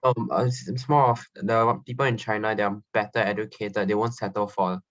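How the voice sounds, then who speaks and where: A man's voice: fairly low pitch, flat delivery, brisk. A young man, a student, answering questions in class hesitantly and with fillers. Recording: dull lo-fi sound.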